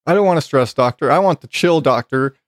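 A man's voice: a little high, fairly quick, no echo, clean studio sound. A man hosting a podcast from his bedroom, chatting casually, laughing often and swearing freely with lots of restarts. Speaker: podcast host. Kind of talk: casual chat. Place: home bedroom.

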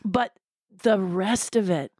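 An older woman being interviewed, talking in a passionate, blunt and animated way. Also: mid-range voice, slow pace, slightly rough, no room sound, clean studio sound. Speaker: guest, former theme park designer. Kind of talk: candid interview conversation.

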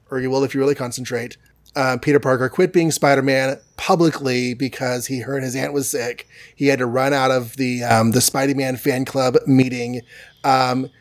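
A man hosting a podcast, recapping a comic in a rambling, jokey way. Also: medium pitch. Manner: rambling, jokey, many fillers. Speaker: podcast host. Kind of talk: casual comic book recap.

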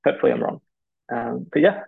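A man's voice: medium pitch, expressive, quick pace, gravelly, breathy edge, dry recording. A man in his twenties, a physiotherapist guest on a podcast, answering thoughtfully with hesitant restarts. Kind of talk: candid podcast interview answers. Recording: dull lo-fi podcast audio.

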